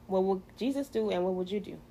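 A woman hosts a casual faith chat as a podcast host, speaking fast in a medium-pitched, dark-toned voice with a little hiss or hum in the background. She's chatty and playful, with many fillers.

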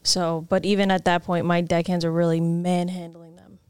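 Calm low-voiced woman ferry captain. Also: normal speed, smooth, no echo. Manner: plain, matter-of-fact storytelling. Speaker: ferry captain, podcast guest. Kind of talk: casual interview.

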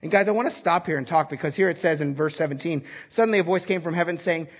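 With quick delivery and few pauses, a male pastor gives an animated, conversational sermon and often questions the congregation directly. His fairly high voice has a husky, breathy texture.

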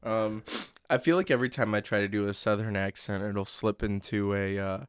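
A young man hosting an improv comedy podcast, playful and quick. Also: lowish voice, fairly even intonation, clean tone, dry recording, clean studio sound. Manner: playful, quick, laughs easily. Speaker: podcast host.

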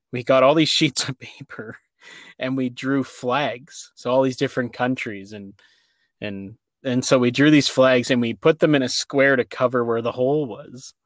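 A man telling a childhood story in a casual chat, animated and laughing, with many fillers. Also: mid-range voice, normal speed, no echo, clean studio sound.

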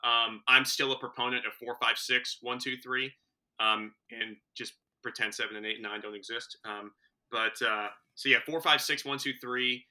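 A man's voice: mid-range voice, fairly even intonation, normal speed, pushed and bright. A man co-hosting a casual podcast, speaking earnestly and poking fun at himself. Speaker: podcast co-host. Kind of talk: casual chat.

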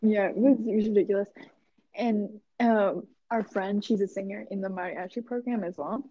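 A woman's voice: mid-range voice, steady tone, normal speed, mellow, dry recording. A young woman from the American South, co-hosting a podcast in a joking, chatty way. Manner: chatty, joking, lots of fillers. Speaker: podcast co-host. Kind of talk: casual chat. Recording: muffled lo-fi audio.

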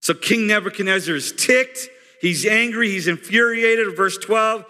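A man preaching a sermon as pastor, in a conversational, animated storytelling way. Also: high voice, unhurried. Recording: long hall reverb.

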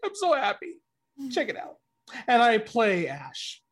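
A woman's voice: fairly high pitch, wildly swooping pitch, measured pace. A woman introducing herself as a player on a tabletop stream, theatrical and enthusiastic.

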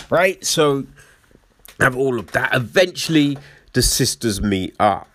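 A man's voice: mid-range voice, expressive, normal speed, fairly bright tone. A man giving a casual film review in a chatty way, laughing often and asking "right?" after his points.

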